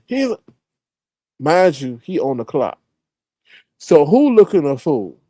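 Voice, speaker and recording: Guy ranting thru a story, pitch jumping all over, dark mellow tone, dry close sound. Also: a little slow, pauses often, dry recording. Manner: animated, swears freely, acts out quoted voices. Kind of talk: casual storytelling.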